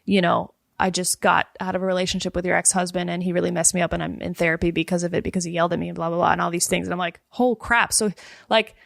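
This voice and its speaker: A woman's voice: on the low side, racing, creaky, dry recording, clean studio sound. A woman guest in a casual chat, telling a story with lots of "like" and acting out what people said. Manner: animated storyteller, acts out quoted dialogue, fills with "like".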